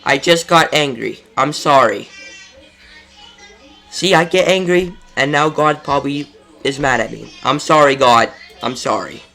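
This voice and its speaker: A man's voice: mid-range voice, unhurried, creaky, pushed and bright, soft background music. A man talking casually and with exasperation as a collectibles video host, ranting with some profanity. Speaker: collectibles YouTuber.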